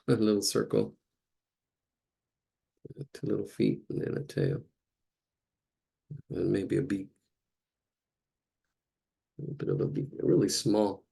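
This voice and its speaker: Male drawing instructor, lowish gravelly voice, rambling and relaxed as he sketches live. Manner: rambling, chatty, thinks aloud while drawing. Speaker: drawing teacher. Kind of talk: casual live drawing lesson.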